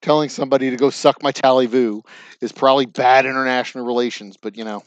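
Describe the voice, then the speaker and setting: A man's voice: mid-range voice, fairly even intonation, fast, smooth, no echo, highs cut off. A man with a Texan accent chatting casually and profanely while bottling whiskey on a distillery floor, joking and counting cases aloud. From Texas. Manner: rambling, joking, profane, counts aloud under his breath. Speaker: distiller and livestream host. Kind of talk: casual rambling chat while working.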